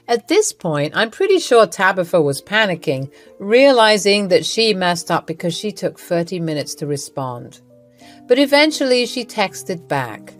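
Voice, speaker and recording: A woman's voice: mid-range voice, very animated, unhurried, soft background music. Woman narrating a family story. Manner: amused, conspiratorial. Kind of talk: scripted first-person story narration.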